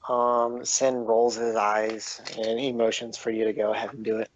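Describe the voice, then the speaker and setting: A man narrating a tabletop game as game master, halting often with ums, on a dull lo-fi recording. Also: fairly low pitch, little pitch movement, slight background noise.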